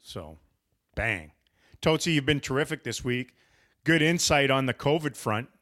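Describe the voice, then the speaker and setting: Podcast host, male, mid-pitched, wry and teasing, loose rambling delivery. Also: expressive, unhurried, fairly bright tone. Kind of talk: casual sports podcast chat.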